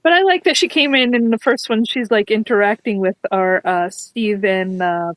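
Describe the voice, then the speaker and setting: A woman co-hosting a casual live-streamed TV review, chatty and prone to laughter. She stumbles and corrects herself as she goes. Her voice sits at a middling pitch and sounds dry and close to the mic. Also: normal speed, no room sound, low-quality recording. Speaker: co-host of a TV review show.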